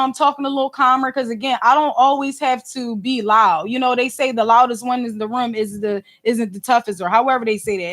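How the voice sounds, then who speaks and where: Loud, high-voiced woman streaming. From Philadelphia. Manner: animated and slangy, fond of rhetorical asides; loud and emphatic, sometimes snapping. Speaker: podcast host and livestreamer. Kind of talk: casual livestream chat. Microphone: phone livestream.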